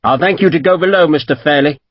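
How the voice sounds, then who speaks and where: A man doing a hard-bitten sea captain from a storybook, curt and commanding, his voice pushed high and loud as he barks orders. The read is dry and slightly dull. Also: fast, no echo, natural voice. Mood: cold. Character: stern, hard-bitten male ship captain.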